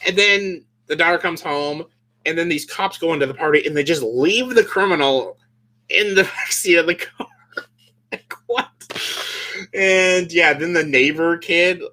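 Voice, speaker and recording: A man's voice: fairly high pitch, normal speed, bright, forceful tone. A man vlogging a casual comedic movie rant, sarcastic, filling his speech with "like" and laughing often.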